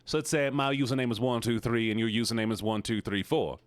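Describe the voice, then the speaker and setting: A man streaming live, chatting casually with his viewers and telling animated stories. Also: mid-range voice, fast, no echo. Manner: animated storyteller, talks to chat.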